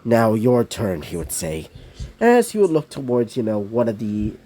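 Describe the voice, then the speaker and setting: A young man casually narrating an improvised fan-fiction story, rambling with many fillers and asides, now and then clearing his throat. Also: lowish voice, wildly swooping pitch, normal speed, warm tone, a little hiss or hum.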